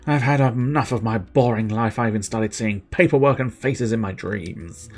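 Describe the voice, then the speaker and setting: A man's voice: mid-range voice, moderate pace, lightly acted. A man voicing a fed-up former town clerk in a video game, with a put-on Irish accent and a chatty, exasperated way of talking. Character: fed-up male former town clerk fleeing his life.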